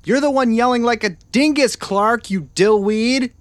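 A man's voice: on the high side, animated, measured pace, a little mellow, no echo. A man voicing a grumpy, sarcastic male explorer in a comedic audio drama, trading snarky retorts.

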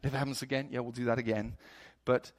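A man voicing God as a patient, fatherly figure who speaks gently and encouragingly. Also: medium pitch, little pitch movement, fast talker, dry recording, close to an everyday voice. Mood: reassuring.

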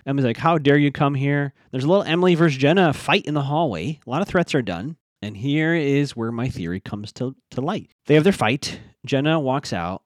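A man casually recapping a TV episode as a podcast host, acting out the characters' lines in quick voices. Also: mid-range voice, no room sound, studio quality.

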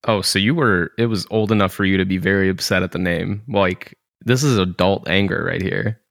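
Male co-host, excitable and teasing; deep gravelly voice with plenty of fry. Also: moderate pace, dry recording, clean studio sound. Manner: excitable, laughs easily, teasing. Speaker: podcast co-host. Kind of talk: casual chat.

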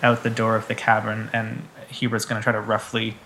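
Gravelly-voiced man narrating a game. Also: fairly low pitch, monotone, sharp tone, slight background noise, low-quality recording. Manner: measured descriptive narration. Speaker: game master.

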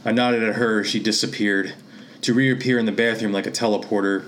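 A man from Pennsylvania reading his own literary fiction aloud in a steady, measured way. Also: on the low side, slight background noise. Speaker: author and reader.

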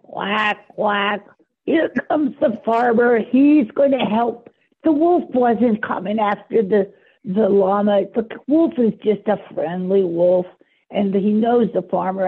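A woman voicing an eager little duck that keeps quacking, with a husky, creaky voice over a tinny phone line. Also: mid-range voice. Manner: quacking between eager remarks.

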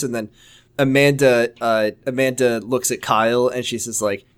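A man co-hosting a podcast in casual chat. He recaps the episode with sarcastic jokes and frequent swearing, at an everyday pitch. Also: fairly even intonation, normal speed, smooth. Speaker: podcast co-host.

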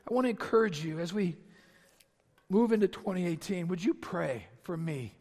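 Male pastor, high voice, emphatic repeating sermon style, long hall reverb. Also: lively intonation, moderate pace, a little mellow. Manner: impassioned preaching with emphatic repetition. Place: large church sanctuary.

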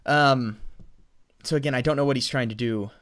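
A man's voice: mid-range voice, normal speed, fairly bright tone. A man from the American South co-hosting a podcast, chatting casually and rambling with lots of restarts as he gives his movie opinions. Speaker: podcast co-host. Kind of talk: casual movie review chat.

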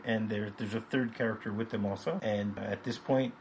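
A man's voice: fairly low pitch, steady tone, a little mellow, a little hiss or hum. Laughing man recapping a film. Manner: playful, quick to act out lines in put-on voices and laugh. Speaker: podcast host. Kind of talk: casual chat recapping a film scene by scene.

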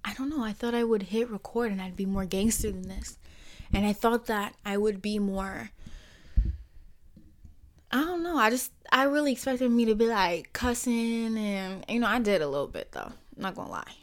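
A young woman from the Caribbean hosting her own podcast in a personal monologue. Her voice sits at a middle pitch, and she swings between emphatic, rhetorical questions and soft, near-whispered asides. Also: moderate pace. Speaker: podcast host.

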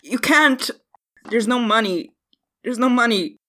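A woman's voice: on the high side, unhurried, fairly bright tone. A woman voicing an angry male farmer who lost his goat, accusing and stammering when upset, in a tabletop game. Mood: distraught.

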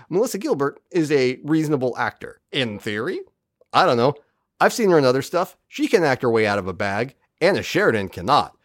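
A man's voice: mid-range voice, dry recording, clean studio sound. A man co-hosting a podcast, recapping an episode in casual chat and acting out the characters' lines as he goes. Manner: animated, acts out characters' lines while recapping. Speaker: podcast co-host.

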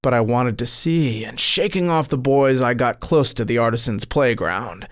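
A man reading a first-person account of a saint's dream as scripted narration, telling it expressively. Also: moderate pace. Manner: expressive storytelling, lifting pitch on quoted cries.

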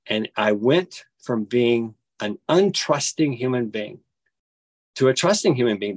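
A man telling a personal story as an interview guest, acting out quoted dialogue with big jumps in pitch and often restarting his sentences. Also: no room sound. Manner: halting, with frequent restarts.

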